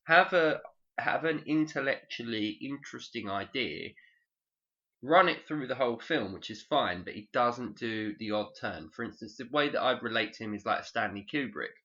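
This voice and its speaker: A male podcast co-host chats casually in a mid-range voice at normal speed, animated and swearing freely. The sound is dull and lo-fi.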